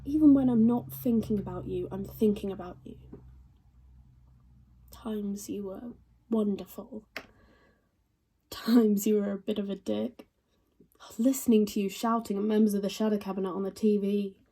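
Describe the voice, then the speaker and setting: A sardonic young woman in her twenties delivers a stage monologue full of dry, crude asides. Her voice is dark and a little husky. She sounds a touch distant from the mic. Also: medium pitch, normal speed, pauses often. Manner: wry, deadpan, crude asides. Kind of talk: theatrical monologue.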